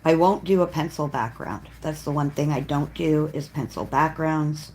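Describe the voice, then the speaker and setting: A woman hosting a live coloring stream, chatting casually in a rambling way and often clearing her throat as she works. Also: deep voice, moderate pace, darkish tone. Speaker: coloring livestream host. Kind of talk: casual livestream chat while coloring.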